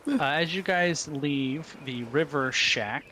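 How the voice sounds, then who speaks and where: A man narrating a tabletop game as game master, pausing often with fillers. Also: a little high, pushed and bright, a little hiss or hum. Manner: halting, many ums and pauses.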